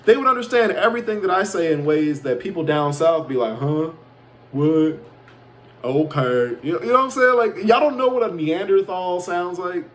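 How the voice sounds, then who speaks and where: He's back again, the Chicago vlogger who says he's a prophet, now high-voiced, animated and brisk with few pauses. His casual, rambling rant stays boastful, defiant and full of swearing.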